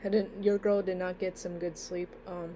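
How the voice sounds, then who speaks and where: A woman's voice: on the low side, level tone, moderate pace, mellow, a little hiss or hum. A young woman chatting casually in a vlog, rambling with lots of fillers and trailing off, sounding a bit sleepy and tired. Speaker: vlogger.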